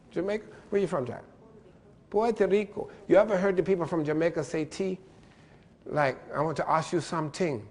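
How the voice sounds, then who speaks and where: A man giving a lively lecture-style keynote address, playful and animated, spelling out letters and mimicking pronunciations. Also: sits high, in a large hall. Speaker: keynote speaker.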